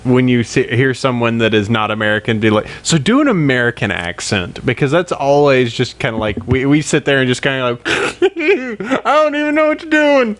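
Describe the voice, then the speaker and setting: A man's voice: mid-range voice, animated, brisk, hardly any pauses. A man hosting a podcast, chatting in a playful way and laughing often. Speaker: podcast host. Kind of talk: casual podcast chat.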